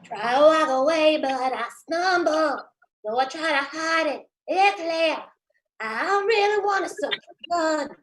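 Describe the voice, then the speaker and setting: A woman's voice: high-pitched, expressive. Woman doing a crooning soul-singer vampire. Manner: slow sung crooning. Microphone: video call.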